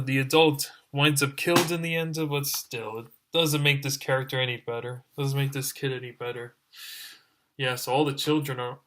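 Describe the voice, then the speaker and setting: A man's voice: medium pitch, fairly bright tone. A man giving a ranting review as an online reviewer, exasperated and exclaiming over and over.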